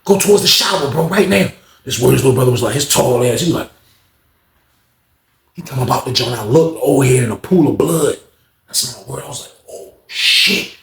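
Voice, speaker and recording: A man telling a story in casual slang, animated and acting out other people's voices. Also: medium pitch, brisk, vocal fry, long pauses, reverberant.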